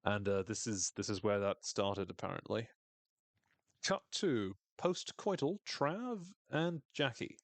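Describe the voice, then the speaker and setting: A man in the middle of his range, talking through a TV episode with lively enthusiasm and casual swearing. He keeps slipping into little voices for the characters he quotes. The sound is close and dry, with no room around it. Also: on the low side, takes it slowly, dry recording. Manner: enthusiastic, swears freely, acts out quoted lines in shifting voices. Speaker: podcast host recapping a TV episode. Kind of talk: casual recap chat.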